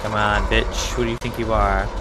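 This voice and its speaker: A man commentating his own gameplay, talking excitedly to the game and his audience and swearing freely. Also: fairly low pitch, moderate pace, noisy background. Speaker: let's play gamer. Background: game music.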